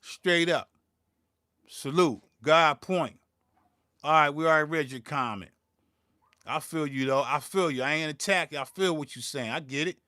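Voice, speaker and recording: Heated, profane hip hop beatmaker. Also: male voice, fairly high pitch, normal speed, long pauses, bright, forceful tone, no echo, clean studio sound. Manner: profane, heated, repeats words when worked up. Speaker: beatmaker and channel host. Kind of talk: livestream rant.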